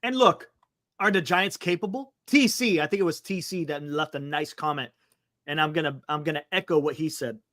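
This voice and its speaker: A man co-hosting a casual sports talk show, animated and exclamatory, urging listeners to stay calm. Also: on the high side, brisk, no echo, studio quality. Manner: animated, exclamatory, calming others down.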